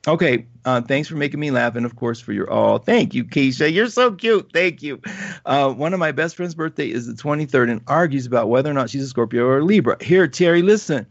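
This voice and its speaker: A man hosting a live astrology talk show, reading viewer comments in an animated, chatty way and laughing often. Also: mid-range voice, brisk, vocal fry, dry recording, dull audio.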